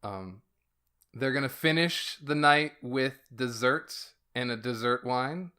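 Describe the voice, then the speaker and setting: A man in casual podcast chat, unhurried and jokey. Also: mid-range voice, pushed and bright, smooth. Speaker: podcast co-host.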